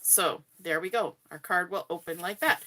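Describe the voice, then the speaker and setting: Bright-voiced Canadian woman hosting live craft tutorial. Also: on the low side, moderate pace. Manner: chatty, friendly, greets viewers by name. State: hiccups. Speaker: crafting livestream host.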